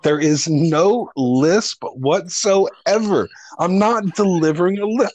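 A man's voice: high-pitched, takes it slowly, a little mellow, no room sound. A man chatting as a podcast guest, joking around and protesting in mock indignation. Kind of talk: casual comedic banter.

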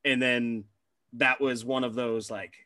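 Profane, bright-voiced man telling stories. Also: medium pitch, measured pace, no echo. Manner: profane, animated storytelling. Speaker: podcast co-host, former hockey player. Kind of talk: casual podcast chat.

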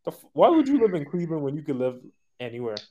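A man co-hosting a podcast, ranting in profane, animated casual chat. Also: on the high side, quick pace, dull audio. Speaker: podcast co-host.

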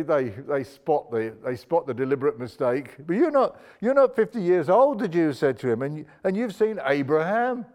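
A man's voice: mid-range voice, a little mellow. A man preaching a sermon in a conversational way, reading scripture aloud and restarting phrases for emphasis.

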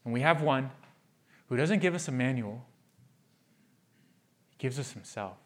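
A man preaching a sermon as pastor, telling a personal story with animation and then easing into soft, earnest prayer. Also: medium pitch, animated, unhurried.

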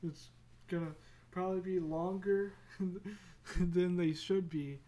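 Low-pitched lady podcaster, rambly and slow, drifts off on tangents, swears a lot. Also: steady tone, dark tone. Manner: casual swearing, self-mocking. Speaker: podcast host. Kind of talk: casual solo chat.

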